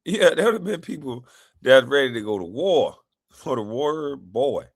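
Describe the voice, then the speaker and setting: A man's voice: medium pitch, lively intonation, normal speed, no room sound, studio quality. A man hosting a live stream, giving loose, laughing, ranting commentary.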